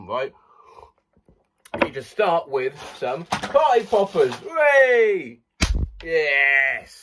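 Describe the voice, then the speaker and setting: A man hosting a comic video, excitable and swearing as he tries silly sound requests. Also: fairly high pitch, slight background noise. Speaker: YouTube host. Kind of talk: comic vlog reading out viewer sound requests.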